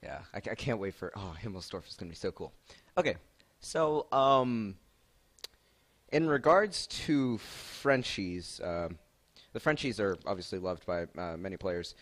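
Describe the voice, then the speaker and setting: A man's voice: fairly low pitch, lively intonation, a little slow, fairly bright tone. A man hosting a casual Q&A on his stream, rambling with many fillers and laughs. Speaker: stream host asking questions.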